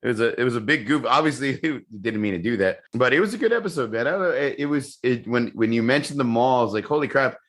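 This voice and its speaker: A man co-hosting a podcast, recapping a sitcom in casual chat, animated and laughing, with lots of swearing. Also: medium pitch, quick pace, few pauses. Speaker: podcast co-host.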